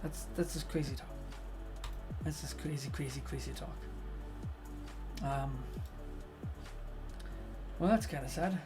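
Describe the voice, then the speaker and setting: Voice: mid-range voice, slow, long pauses, loud music behind the voice. A streamer giving relationship advice in casual live-stream chat, blunt and swearing constantly, acting out the people in the stories. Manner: animated, acts out quoted voices.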